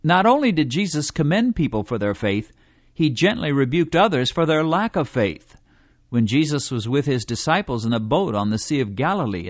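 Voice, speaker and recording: A man reading a devotional teaching in a measured way, slowing down to stress quoted scripture. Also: mid-range voice, no room sound, studio quality. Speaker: preacher.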